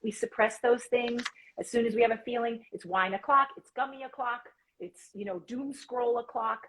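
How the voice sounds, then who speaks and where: A woman guest on a casual live-stream chat, playful with quick asides, over a video call. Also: fairly high pitch, steady tone, a bit bright, slight background noise, low-quality recording. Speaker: guest performer.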